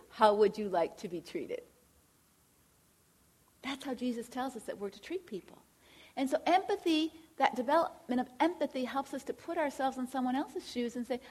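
A woman's voice: high-pitched, slightly rough. A middle-aged woman giving an earnest faith-based teaching talk as a Christian counselor, speaking directly and asking rhetorical questions.

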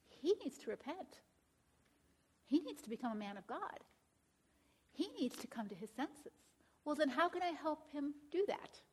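A woman's voice: sits high, husky. Woman teaching a class, checks in often. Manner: conversational, checks in with "all right?" and "right?"; quotes scripture aloud. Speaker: Christian counseling teacher.

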